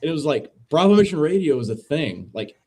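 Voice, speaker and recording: A man, a veteran and podcast co-host, casually telling a story as a guest in a relaxed, profane, dude-heavy way. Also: fairly high pitch, brisk. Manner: laid-back, profane, says dude a lot.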